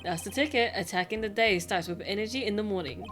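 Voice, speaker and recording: A woman's voice: mid-range voice, fast, a bit bright, soft background music, natural voice. A woman voicing a jolly old male clown in a folksy, hearty way while reading game dialogue.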